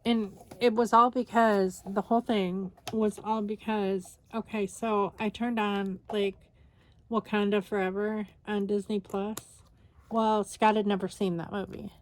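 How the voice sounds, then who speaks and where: Slow, tired woman rambling casually. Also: medium pitch, little pitch movement. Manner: rambling, tired, many fillers. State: exhausted. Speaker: scrapbooking vlogger. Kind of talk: casual chat while crafting.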